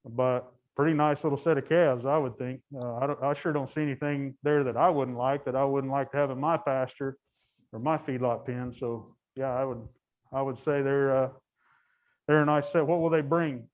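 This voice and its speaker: A man's voice: mid-range voice, fairly even intonation, normal speed. Chatty man, dull lo-fi sound. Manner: chatty, self-interrupting, laughs often. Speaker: guide. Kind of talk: casual commentary.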